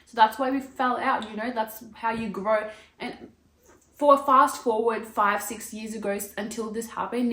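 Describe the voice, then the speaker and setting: A woman's voice: on the high side, reverberant. A woman in her twenties chatting to camera as a lifestyle vlogger, gushing and filling her talk with "like" and "wow.". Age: 20s. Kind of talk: casual chat to camera.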